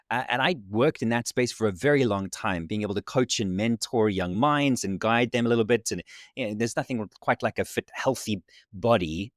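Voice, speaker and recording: A man's voice: on the low side, no echo, clean studio sound. South African man with a slight twang. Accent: South African with a slight American Southern twang. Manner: reflective storyteller, warm thanks, laughs often. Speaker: podcast guest. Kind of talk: casual interview chat. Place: remote video call.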